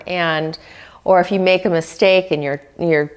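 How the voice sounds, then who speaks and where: A woman with a somewhat low voice gives a reflective self-help talk on wellness. She speaks very slowly and gently, often pausing to ask the listener questions about their inner life. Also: fairly even intonation, clear, resonant tone. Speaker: dietitian giving wellness tips.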